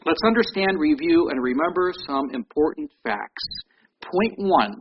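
A man's voice: a little high, expressive, unhurried, highs cut off, background noise. A man preaching a sermon in a conversational way, reading scripture aloud. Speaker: pastor.

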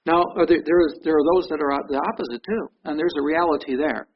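A man's voice: on the high side, quick pace. A middle-aged man, a pastor, preaching a sermon in a conversational way, often restarting his sentences. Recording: dull lo-fi recording with faint noise.

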